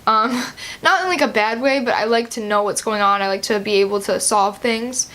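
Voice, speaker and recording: A woman's voice: mid-range voice, normal speed, fairly bright tone. A teenage girl of about seventeen vlogging a personal story, chatty and loose, with many "like" and "um" fillers. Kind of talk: casual personal story to camera.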